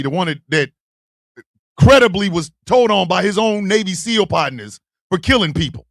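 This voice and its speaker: Casting: high, gravelly-voiced man, loud and crude live-stream ranter with a wide-swinging delivery. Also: no room sound, clean studio sound. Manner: loud, profane, shouting and laughing, swings from yelling to muttering. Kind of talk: profane live-stream rant.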